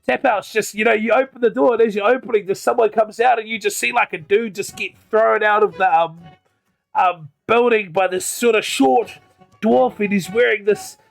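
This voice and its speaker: A man's voice: high-pitched, moderate pace, gravelly, faint music behind. A man narrating a tabletop game as game master, hesitant, with many ums and restarts.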